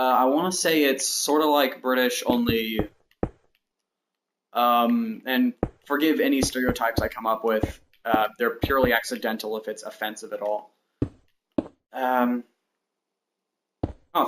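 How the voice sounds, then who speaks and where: A man in his early twenties chatting casually while streaming a building game, thinking aloud and rambling between tasks. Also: medium pitch. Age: 20s. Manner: rambling, thinks aloud, counts blocks under his breath. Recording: noticeable background noise and clicks.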